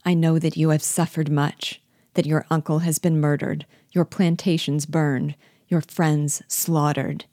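A woman reading aloud the lines of an earnest, proud man who pleads to be trusted, in a measured, grave way. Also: low voice, little pitch movement, warm tone, no room sound, clean studio sound.

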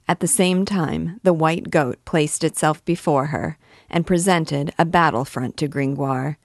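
A woman reading a classic novel aloud with measured, expressive narration. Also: low-pitched, no room sound, clean studio sound. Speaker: reader and guide of a book.

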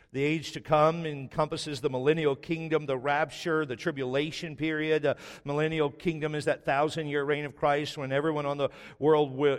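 A man's voice: fairly high pitch, clean tone. Emphatic male pastor preaching in a hall. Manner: emphatic, conversational preaching with scripture readings. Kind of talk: sermon.

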